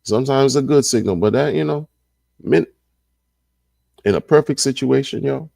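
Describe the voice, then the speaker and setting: A man's voice: medium pitch, moderate pace, gravelly, a little mellow, no room sound, studio quality. A man hosting a casual livestream and reading the chat, talking in an emphatic, slangy way and repeating his points over and over. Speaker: crypto livestream host.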